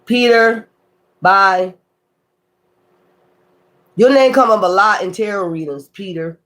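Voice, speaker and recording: Here the man's high voice sounds pushed and bright, and he speaks slowly. Reading tarot on his own channel, he improvises a combative, foul-mouthed tirade, taunting critics again and again and writing them off as weirdos.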